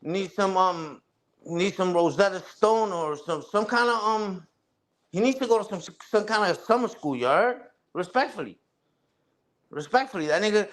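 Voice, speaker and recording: A young man with a fairly high voice talks on a livestream. His delivery is a loose, profane rant full of jabs at other streamers. He keeps circling back to the same tags, like "you heard?" and "respectfully". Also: expressive, moderate pace, a bit bright. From Puerto Rican family on mother's side. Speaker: live streamer. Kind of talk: casual ranting livestream talk.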